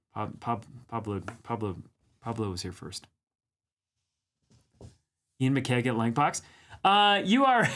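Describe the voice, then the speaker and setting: A man hosting a livestream has a mid-range, somewhat bright voice. In easygoing live-chat banter, he greets his viewers and ribs them while reading their comments aloud.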